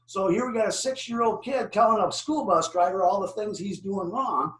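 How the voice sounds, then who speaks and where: An older man with a fairly high voice gives a driver safety talk. He tells animated stories and quizzes his audience. He sits some way from the mic, and the room echoes. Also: moderate pace, distant mic. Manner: animated storytelling with questions to the audience. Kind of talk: presentation to an online audience.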